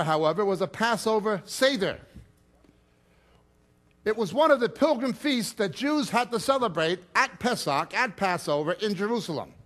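A man's voice: high voice, a bit bright. A man giving an expository Bible teaching, reading scripture aloud and explaining it with emphatic stress that rises and drops sharply.

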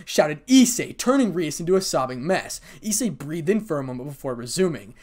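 Expressive man narrating a story. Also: on the high side, a little fast, hardly any pauses. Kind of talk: reading a fan fiction story.

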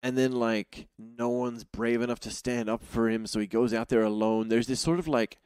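A man's voice: medium pitch, steady tone, moderate pace, a little mellow, smooth. A man with a mid-range voice talks as a podcast guest, hesitant and full of fillers as he works his way through a thought, often chuckling. The recording is close and dry with no room echo. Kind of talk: casual chat.

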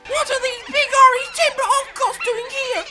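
A man's voice: very high-pitched, big pitch swings, moderate pace, pitched above the performer's own voice. A man voicing a gang of rowdy, jeering freight trucks that cackle and taunt. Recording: loud music under the voice. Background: loud background music.

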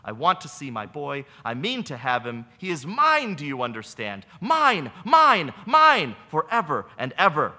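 A man's voice: wildly swooping pitch, sharp tone, exaggerated voice. A male preacher voicing a grief-consumed, possessive young mother who is furious and demanding, in a read-aloud story. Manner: shrill, raised, slow insistent demands.

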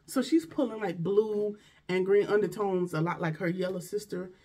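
A woman's voice: mid-range voice, normal speed, mellow, breathy edge. A woman vlogger chatting casually through a shopping haul, gushing and exclaiming over each item. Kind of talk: casual unboxing chat.

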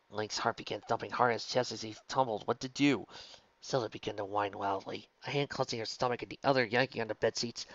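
A man reading a fan fiction story aloud in steady, soft-spoken narration. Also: mid-range voice, no room sound, highs cut off. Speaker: story reader.

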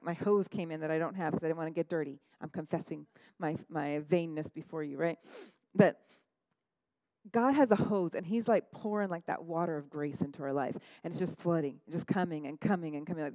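A woman pastor preaching a sermon, animated, laughing at her own asides and acting out quotes in a higher voice. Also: no room sound, poor audio.

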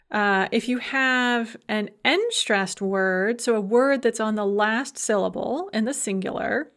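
A woman giving a recorded university language lecture, patiently explaining grammar with examples and light humorous asides. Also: fairly high pitch. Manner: patient, explanatory, gives example words then translations.

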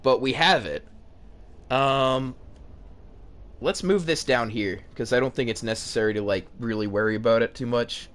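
Young guy doing horror game commentary, mid pitch, jumpy, lots of nervous muttering and cussing. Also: moderate pace. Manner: jumpy, swears and laughs nervously, shouts when scared. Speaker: gaming video host.

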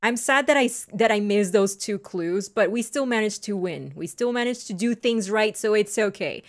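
A woman's voice: mid-range voice, lively intonation, moderate pace. A woman streamer commenting chattily and emotionally as she plays a video game, echoing lines back to the characters. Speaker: gaming streamer. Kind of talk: let's play commentary. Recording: game soundtrack behind.

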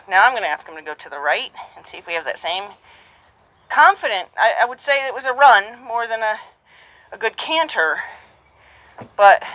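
A woman's voice: medium pitch, bright, forceful tone, low-quality recording. A woman horse trainer who explains each step aloud and murmurs soothingly to the horse she is working with. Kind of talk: narrated training session. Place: horse arena or round pen. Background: hoofbeats and horse sounds.

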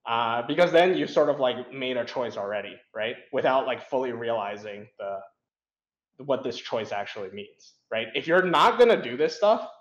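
Young male guest, casual and blunt, halting rambly delivery, roomy muffled sound. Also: mid-range voice, lively intonation. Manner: rambling, frank, lots of fillers and restarts. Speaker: interview guest, competitive programmer. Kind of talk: casual interview chat.

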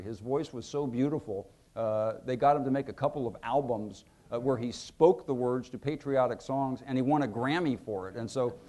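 A middle-aged man, an author giving a book talk, telling humorous anecdotes with many fillers and acted-out quotes. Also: mid-range voice. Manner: lively storyteller, acts out quotes, many fillers.

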